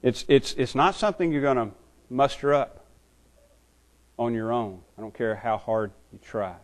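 Pastor, male, earnest sermon delivery, mid-pitched, repeats himself as he builds. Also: normal speed. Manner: earnest, repeats words while building points.

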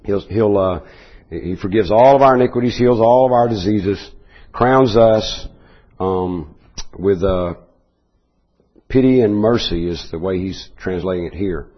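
A man preaching a Bible teaching sermon, explaining verses in a measured way with restarts and asides. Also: on the low side, lo-fi sound.

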